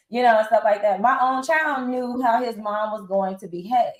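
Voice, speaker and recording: Blunt, animated woman in her forties. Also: mid-range voice, a little fast, hardly any pauses, reverberant, low-quality recording. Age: 40s. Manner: animated, acts out others' lines in quotes; blunt, informal with slang. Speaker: reality show cast member, guest. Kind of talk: candid interview storytelling.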